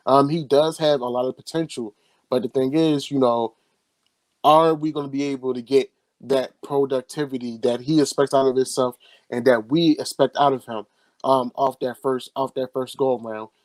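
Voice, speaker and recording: A man's voice: mid-range voice, steady tone, moderate pace, a little mellow, no room sound, rough recording. A man co-hosting a sports podcast, talking emphatically and confidently, repeating phrases in casual slang. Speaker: podcast co-host.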